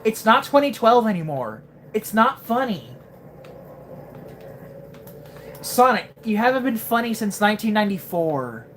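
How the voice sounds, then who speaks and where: A woman's voice: medium pitch, sing-song, moderate pace, a little hiss or hum, close to an everyday voice. A woman voicing a snarky young male fox sidekick who mocks and scolds in slangy trash talk. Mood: scolding.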